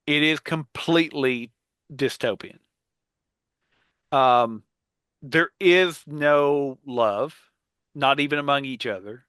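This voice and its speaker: A man co-hosts a casual podcast panel chat, rambling with plenty of fillers and restarts. His mid-range voice has a fairly bright, smooth tone, and the recording is dry.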